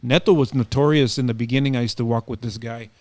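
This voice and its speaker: A man's voice: medium pitch, fast, no room sound. A middle-aged man, a community activist, telling stories as a podcast guest in loose casual talk, acting out dialogue between fillers. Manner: animated, acts out quoted dialogue, loose with fillers. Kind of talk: casual storytelling.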